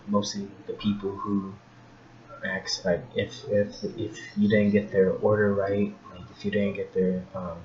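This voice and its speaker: A man with a low, slightly mellow voice rants casually and ramblingly to the camera, frequently restarting sentences and growing heated and incredulous. The recording is dull and lo-fi, with a faint hiss.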